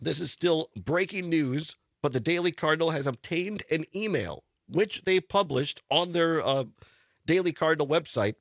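A congested middle-aged man hosts a radio talk show in a fairly high voice. He chats and leans hard on the news quotes he reads aloud. The studio mic is close and dry. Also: lively intonation, normal speed, vocal fry, fairly bright tone, dry recording. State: congested, stuffy voice. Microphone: studio broadcast microphone.

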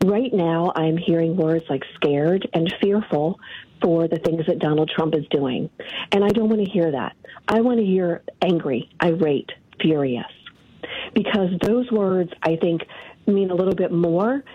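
A woman calling in to a radio show, giving her opinions in a deliberate, measured way. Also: on the low side, husky, no room sound. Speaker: caller. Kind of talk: radio call-in. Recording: muffled phone line.

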